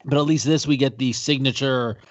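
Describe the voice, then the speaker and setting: Male podcast co-host, mid-pitched, chatty anecdote teller, audio a bit dull and lo-fi. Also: steady tone, brisk. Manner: rambling storyteller, acts out quotes. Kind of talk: casual chat.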